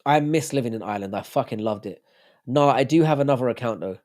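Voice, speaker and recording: A man's voice: medium pitch, quick pace, a little mellow. A man hosting a livestream, rambling, swearing and joking with his chat. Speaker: livestream host.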